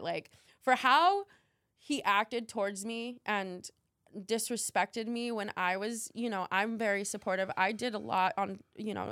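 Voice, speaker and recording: A woman's voice: medium pitch, a bit bright, no echo, studio quality. A young woman talking candidly as a podcast guest, rambling with many fillers and swearing freely. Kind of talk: candid casual interview talk.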